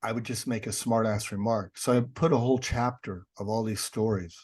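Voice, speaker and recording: A middle-aged man guesting on a podcast, a paranormal investigator and author, speaks in a lowish, husky, slightly mellow voice. His tone is steady and his pace brisk as he casually tells wry, sarcastic stories, acting out the dialogue in them.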